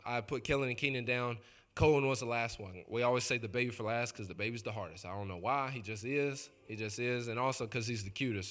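Guy pastor telling stories in a sermon, chatty and jokey, sharp bright voice, mid pitch. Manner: chatty, joking, addresses the congregation directly. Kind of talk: conversational sermon storytelling.

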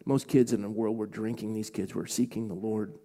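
A middle-aged man, a pastor, preaching an emotional sermon story, choked up, swinging from loud lines to hushed whispers. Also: on the low side, fairly even intonation, brisk.

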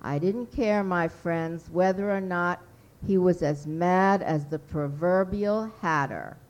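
A woman reading her own fiction aloud at a writers' workshop, measured and deliberate. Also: lowish voice, a little mellow, dull audio.

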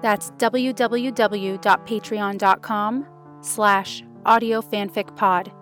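A woman podcast host reading fan fiction aloud in a soft, intimate storytelling voice. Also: mid-range voice, steady tone, takes it slowly, faint music behind. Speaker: podcast narrator.

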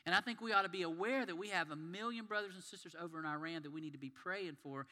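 Bright-voiced preacher in a reverberant hall. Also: male voice, high voice, fast talker. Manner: earnest storytelling, conversational. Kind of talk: sermon.

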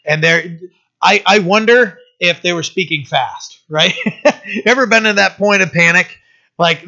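A male pastor giving a conversational sermon, with many fillers and restarts, who slows down to read scripture aloud. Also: sits high, bright, forceful tone, muffled recording. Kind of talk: sermon, informal Bible teaching.

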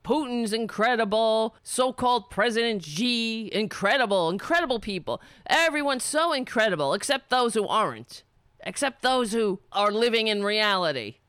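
A woman's voice: a little high, lively intonation, moderate pace, fairly bright tone, dry recording. A woman giving an angry, profane commentary on a played clip, sarcastic and mocking. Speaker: political commentator.

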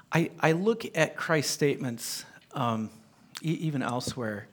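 A man teaching a Bible lesson to a group, emphatic, often putting questions to his listeners. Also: mid-range voice.

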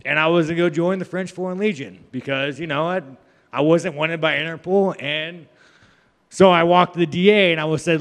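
A man's voice: on the high side, brisk. A young man telling a rambling, profane story about himself, laughing at his own jokes. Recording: long hall reverb.

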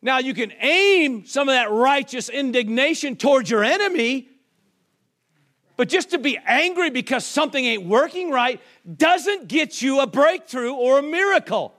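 A pastor delivering a sermon to his congregation, repeating questions and calling out for people to answer. He is a man with a high-pitched voice that climbs as he presses his points. He acts out the voices of doubters and church members in quick asides. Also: lively intonation, fairly bright tone. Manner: call-and-response preaching, rhetorical questions, acts out quoted voices.

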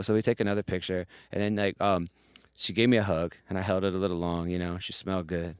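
A man telling a story as a podcast guest, animated and profane, mimicking the voices of the people he quotes. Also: sits low, quick pace, clean tone, dry recording, clean studio sound. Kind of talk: casual storytelling.

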